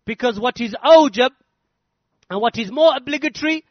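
A man with a strikingly high voice delivers a religious lecture, pressing each point home with emphatic repetition. The recording is dull and lo-fi, with a dry, close sound and no room echo. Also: expressive, normal speed. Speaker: Islamic lecturer.

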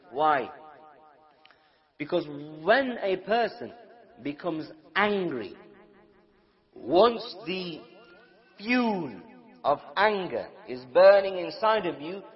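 A man gives a religious lecture and quizzes his listeners. He acts out small quarrels as he goes, in a somewhat high voice. The recording sounds dull and lo-fi. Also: big pitch swings, takes it slowly, pauses often, long reverb tail. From United Kingdom. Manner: asks the audience questions, acts out everyday quarrels. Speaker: Islamic preacher. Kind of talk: religious lecture to a live audience.

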